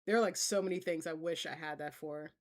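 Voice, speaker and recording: A woman's voice: low voice, steady tone, brisk. A woman streamer in a casual Q&A, chatting with her viewers, laughing often and using plenty of fillers. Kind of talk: casual Q&A reading chat comments.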